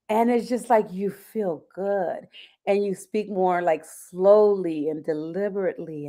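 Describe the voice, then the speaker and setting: A woman's voice: medium pitch, a little slow, mellow. A woman co-hosting a live stream over a video call, talking in a bubbly, chatty way and laughing often. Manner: bubbly and talkative, laughs a lot. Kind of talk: casual live-stream chat.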